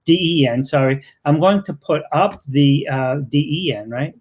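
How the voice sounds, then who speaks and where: A man's voice: a little high, normal speed, dull audio. Effusive man with a Boston accent. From Massachusetts. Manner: effusive, rambling with many fillers. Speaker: interview host. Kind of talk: casual live interview chat.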